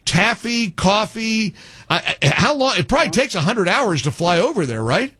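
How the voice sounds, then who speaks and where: Brief: middle-aged male talk radio host, sarcastic and lively, fairly high voice, dry studio sound. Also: brisk, slightly rough, dry recording. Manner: animated, sarcastic, wisecracking.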